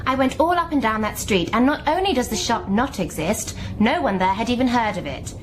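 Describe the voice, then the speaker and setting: Actress as self-absorbed young woman, blunt and brisk, radio play, noisy backdrop. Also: on the high side, lively intonation, close to an everyday voice. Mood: accusing. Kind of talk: radio drama acting.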